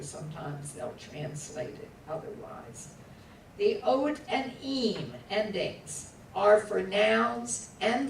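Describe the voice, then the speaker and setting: A gravelly, lowish-voiced woman teaches Hebrew, patiently drilling words and asking students to repeat them syllable by syllable. The lesson is recorded in an echoey room with her voice distant and a faint hum in the background.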